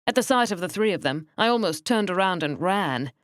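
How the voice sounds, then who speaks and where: Woman, audiobook narrator, low voice, measured and wry, dry close recording. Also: animated, no room sound. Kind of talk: scripted narration.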